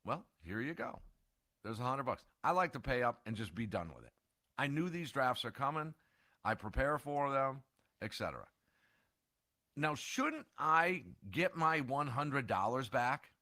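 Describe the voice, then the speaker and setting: A man's voice: mid-range voice, expressive, a little slow, pushed and bright, dry recording, studio quality. A man co-hosting a sports radio show in casual talk, ranting and firing off rhetorical questions.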